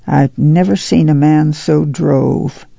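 A man's voice: a little high, slow, creaky, mellow, breathy edge, dry recording, full character voice. A man voicing a stern, practical farm mother who speaks in blunt rural dialect. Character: steady, stern farm mother, middle-aged woman. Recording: dull dry lo-fi studio read.

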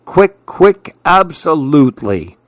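A gentle, dreamy little mouse who wonders aloud at everything around him, as a man puts him on in a raised, lighter voice. The storybook reading sounds close and dry. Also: fairly high pitch, sing-song, slow pace, no echo. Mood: curious, eager. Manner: wondering and easygoing.

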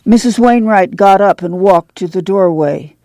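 Seorang wanita membacakan narasi buku audio dengan tempo terukur. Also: female voice, mid-range voice, a little slow, mellow, dry recording. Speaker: audiobook narrator. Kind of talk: scripted narration.

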